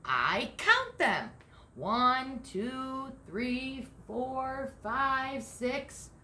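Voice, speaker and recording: A woman voicing a chatty, boastful male squirrel who loves counting his nuts, speaking high and excited. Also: very slow, full character voice. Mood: eager. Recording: echoey room.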